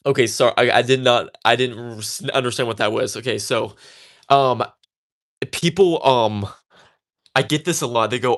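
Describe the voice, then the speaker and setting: A man's voice: mid-range voice, moderate pace, fairly bright tone. A young man talking casually about his craft while he works, chatty and a bit defiant, with many fillers and restarts. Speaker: tatting creator.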